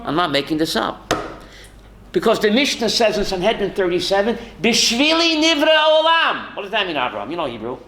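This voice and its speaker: A man's voice: high-pitched, expressive, quick pace, a bit bright, a little hiss or hum, poor audio. A man, a rabbi, teaching a Torah class to students, calling on them by name and quoting Hebrew sources.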